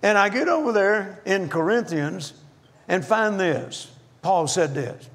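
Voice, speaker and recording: An older man preaching a folksy, jokey sermon as guest minister in a church, slowing down to stress points. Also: high-pitched, lively intonation, fairly bright tone. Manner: folksy, jokey, slows down for emphasis. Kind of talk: humorous storytelling sermon. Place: church auditorium. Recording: reverberant church hall.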